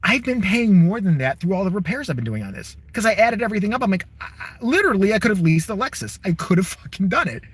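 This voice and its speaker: A man's voice: sits high, breathy edge. Exasperated sweary man ranting from his car. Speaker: vlogger. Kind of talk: casual profane rant to camera.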